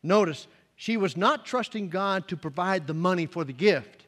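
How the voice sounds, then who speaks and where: High-pitched male pastor preaching, lots of restarts, loud then quiet, long echoey church reverb. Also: moderate pace. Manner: animated preaching with many restarts, swings between soft and loud. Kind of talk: sermon. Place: church sanctuary.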